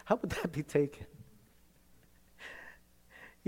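A male pastor preaching a sermon emphatically, swinging from loud, forceful lines to hushed ones. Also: a little high, normal speed, pauses often.

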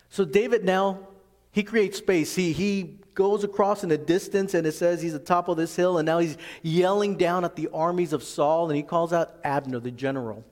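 A man's voice: a little high, a little mellow, in a large hall. A man preaching a sermon as pastor, reading scripture aloud and explaining it in plain, earnest words.

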